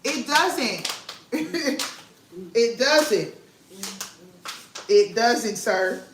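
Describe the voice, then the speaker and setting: A woman vlog host, telling an animated, emphatic story to her viewers and repeating lines for effect, at home in her kitchen. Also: on the high side, very slow. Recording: roomy echo with faint noise.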